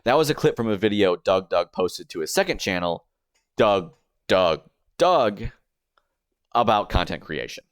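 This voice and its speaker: A young man talks through a scripted video essay in an explanatory, step-by-step way. His voice sits a little low, and the recording is dry and close, with no room sound. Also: big pitch swings, fairly quick, few pauses, clean tone, no room sound. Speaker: streamer and YouTuber.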